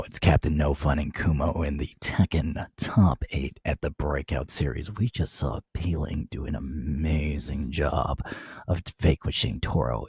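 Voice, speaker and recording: A man voicing a mock-seductive male ASMR announcer in a deep, slow, breathy whispered role-play. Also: a little mellow, no room sound, heavily acted.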